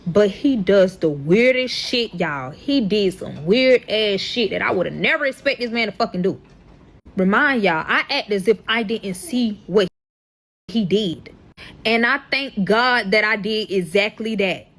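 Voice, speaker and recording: A young woman telling a dramatic storytime to her viewers in a casual, animated way, swearing often. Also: medium pitch, measured pace. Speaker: storyteller reacting to her own past.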